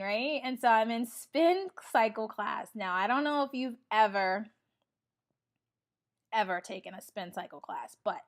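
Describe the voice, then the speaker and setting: Chatty woman vlogger, fairly high voice. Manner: chatty and animated, acts out quoted lines. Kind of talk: casual motivational vlog.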